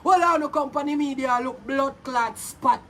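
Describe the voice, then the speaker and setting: A woman with a Jamaican accent ranting angrily on a vlog, loud and profane, hurling insults and often shouting. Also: sits high, normal speed. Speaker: vlogger. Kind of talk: angry social media rant. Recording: voice a little far from mic, faint background noise.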